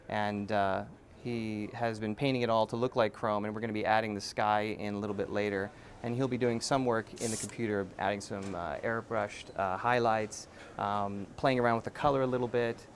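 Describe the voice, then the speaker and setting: A man supervising background painters in a behind-the-scenes interview, explaining calmly and instructively with lots of pauses. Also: on the low side, slight background noise. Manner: relaxed, instructive, frequent uh fillers.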